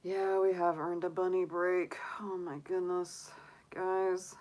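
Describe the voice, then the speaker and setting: A woman's voice: on the low side, little pitch movement, slow pace, a little mellow. A middle-aged woman, a tarot reader, chatting casually on a stream, gushing and cooing and laughing easily. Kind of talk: casual chat on a live stream.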